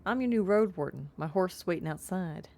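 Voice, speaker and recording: A woman's voice: on the low side, lively intonation, a little fast, creaky, mellow, soft background music. A woman voicing a young wolf-girl road warden with a Southern US accent, cheerful and witty, in a text game.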